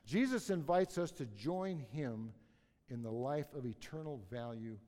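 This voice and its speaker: Middle-aged male pastor, sermon, lively swooping delivery, lots of restarts, church sanctuary. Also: mid-range voice, unhurried, in a large hall. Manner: animated, rambling, frequent restarts.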